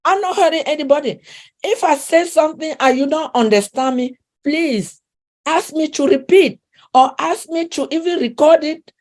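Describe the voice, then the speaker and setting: A woman's voice: high-pitched, normal speed, a little mellow. A middle-aged woman with a non-native English accent, a relationship coach talking in an interview, earnest and emphatic, repeating herself and searching for words. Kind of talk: interview conversation.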